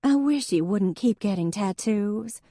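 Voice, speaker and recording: A woman voicing a fussy, easily flustered older sister with a high, prim, tremulous voice. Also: lively intonation, unhurried, dark tone, no echo, clean studio sound. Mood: prickly.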